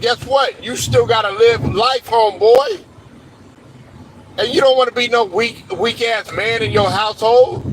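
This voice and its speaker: A man hosting a sports show, delivering a blunt, profane, preachy rant with faint traffic noise around him. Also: very high voice. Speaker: sports commentary host.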